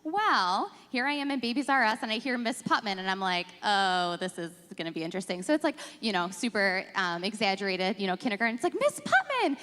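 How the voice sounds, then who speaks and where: A woman's voice: medium pitch, brisk, hardly any pauses, pushed and bright, big-room sound. A woman who teaches kindergarten, telling a funny story on a church panel with laughter.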